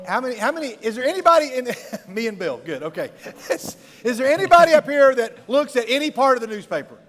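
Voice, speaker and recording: Man, high-pitched, middle-aged, youth pastor, joking storyteller, long hall reverb. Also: big pitch swings, fast, a bit bright. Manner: jokey, rambling storyteller who laughs often. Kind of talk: humorous talk to a live youth audience.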